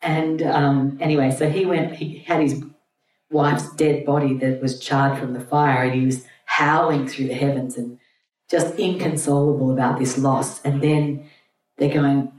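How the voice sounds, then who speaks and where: A woman's voice: rumbling low, fairly even intonation, unhurried, darkish tone. A woman teacher retelling a myth to a group in a chatty, irreverent storytelling way. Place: room with an audience. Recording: roomy, distant mic, faint hum.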